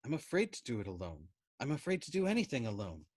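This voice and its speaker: A man's voice: mid-range voice, huge pitch swings, quick pace, a little mellow, husky. A man voicing a frightened young male bomber pilot who pleads with an intense, urgent manner. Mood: pleading.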